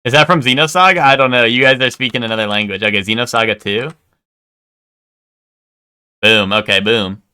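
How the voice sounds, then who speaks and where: A man's voice: medium pitch, brisk, pauses often, sharp tone, clean tone. A man live-streaming, chatting casually with his viewers in a rambling way, full of "like" and "um" and casual swearing.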